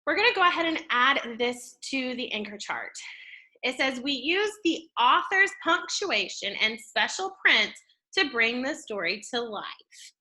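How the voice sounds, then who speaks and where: A woman teaching a classroom reading lesson. She explains step by step, checks in often with the class, and uses an expressive tone to show how to read. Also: high-pitched, a little slow. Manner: explanatory, checks in with "okay?" and "right?"; expressive, shifts tone to model reading.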